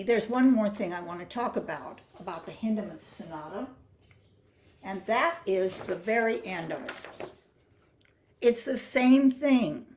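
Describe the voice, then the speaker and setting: A woman's voice: medium pitch, a little mellow, slight background noise. An older woman teaching flute phrasing, explaining patiently and singing rhythms and counting beats aloud. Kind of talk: music masterclass.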